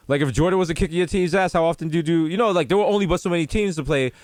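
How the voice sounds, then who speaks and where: A man riffing in loose, comedic podcast banter, his voice sitting a touch high for a man. He jumps into exaggerated put-on voices for the people he quotes. The sound is close and dry, with no room around it. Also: rapid-fire, darkish tone, no echo. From the Bronx, New York. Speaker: podcast co-host. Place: home.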